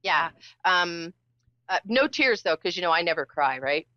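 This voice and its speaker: A woman hosting a live psychic call-in show, chatty and teasing, her pitch swinging up and down. The sound is dry and a bit dull and lo-fi. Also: moderate pace, dry recording. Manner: chatty, animated, teasing, emphatic repetitions.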